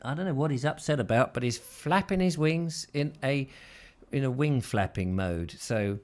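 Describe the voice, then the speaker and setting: A man's voice: medium pitch, animated, moderate pace, darkish tone. Rambling, self-deprecating male host. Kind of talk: casual live show chat, reading viewer comments. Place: his house.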